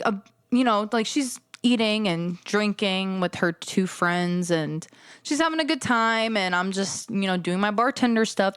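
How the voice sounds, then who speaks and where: A young adult woman hosting a podcast, casually telling a story about working as a bartender, animated and swearing as she acts out both sides of the exchange. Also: a little high, clean tone, no echo, clean studio sound. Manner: animated, acts out customers and herself in quoted dialogue, swears. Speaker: podcast host.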